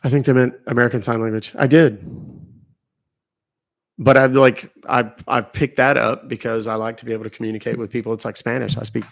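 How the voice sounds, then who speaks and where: Middle-aged male host, low fry-edged voice, dry close sound, chatty livestream rambler. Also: little pitch movement, fairly quick, no room sound. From Texas. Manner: rambling, chatty, answering viewer comments. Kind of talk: casual livestream chat.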